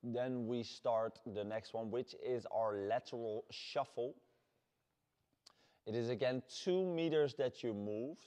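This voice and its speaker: Energetic Dutch man coaching a workout. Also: medium pitch, slow, clear, resonant tone. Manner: energetic, shouting encouragement. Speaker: fitness coach. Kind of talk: leading a workout class. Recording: long hall reverb.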